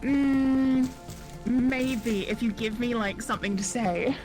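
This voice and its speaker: A woman's voice: on the high side, slow pace, a little mellow, soft background music, rough recording. A woman, chatting on a stream in a dry, mock-outraged way with swearing.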